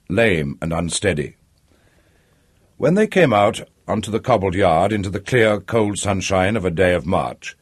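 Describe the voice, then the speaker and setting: A man reads a literary audiobook in a low, husky voice. His intonation moves a lot and the reading is measured and expressive. The recording is dry and close. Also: dry recording. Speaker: audiobook narrator.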